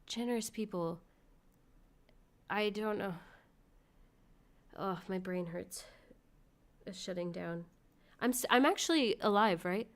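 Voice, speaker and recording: A young woman streaming live, chatting with viewers in a rambling, giggly way and thanking donors. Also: mid-range voice. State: sick with covid. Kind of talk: casual live-stream chat.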